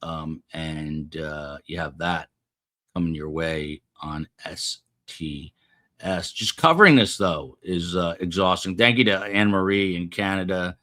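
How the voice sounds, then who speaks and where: Low-voiced rambling male livestream host. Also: unhurried, sharp tone. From United States. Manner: rambling, chatting with viewers. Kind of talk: casual live commentary. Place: upper floor of a building.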